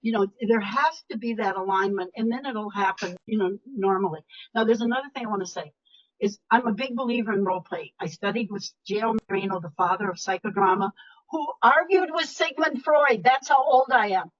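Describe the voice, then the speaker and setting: An older woman gives a webinar talk as a motivational speaker, emphatic and chatty, in a medium-pitched voice at a slightly fast pace. It's lo-fi audio from a video call.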